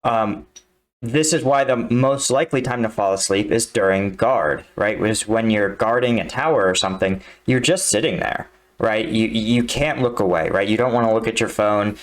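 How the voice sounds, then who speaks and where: A man's voice: on the low side, normal speed. A man hosting a reaction video, talking casually and often checking in with the listener. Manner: conversational, leans on tag questions like "right?". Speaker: reaction video host, army combat veteran. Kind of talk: casual commentary.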